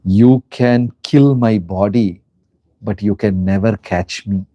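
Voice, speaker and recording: An Indian English-speaking man voicing an old philosopher who speaks calmly and without fear. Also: fairly low pitch, slow pace, no room sound, highs cut off. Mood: serene. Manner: calm, defiant.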